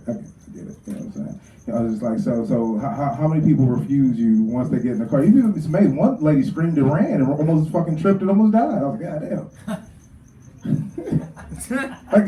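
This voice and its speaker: Crude loud-storytelling male stand-up comedian. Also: on the high side. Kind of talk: stand-up set. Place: garage open mic. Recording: roomy garage heard from far off.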